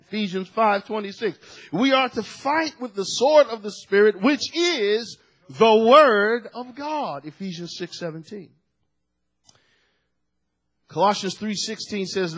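A middle-aged male pastor preaching a sermon, swinging from shouted emphasis to hushed asides. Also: sits high, expressive, unhurried, poor audio.

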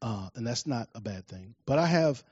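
Man preaching with animated storytelling. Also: mid-range voice, moderate pace, breathy edge, no echo, lo-fi sound. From Washington, D.C. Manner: animated storytelling, acts out scenes loudly; drops to soft quiet tone on reflections. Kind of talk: sermon with personal storytelling.

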